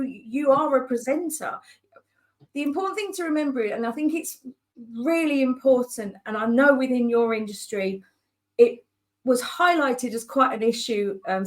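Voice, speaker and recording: A woman business coach telling stories in a conversational way, animated and acting out the voices of people she quotes. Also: high-pitched. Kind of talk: conversational storytelling.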